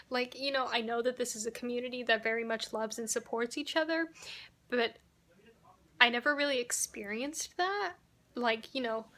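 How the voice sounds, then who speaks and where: Bright-voiced chatty woman vlogger. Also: a little high. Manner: chatty, retells conversations with lots of "like". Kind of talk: casual vlog recap.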